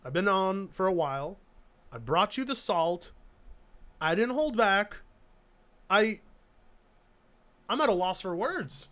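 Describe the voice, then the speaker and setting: Casting: male streamer with a high voice, sarcastic and incredulous. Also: expressive, takes it slowly, long pauses, sharp tone. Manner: sarcastic, incredulous, laughing asides. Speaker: streamer reacting to videos. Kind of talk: casual live-stream reaction commentary.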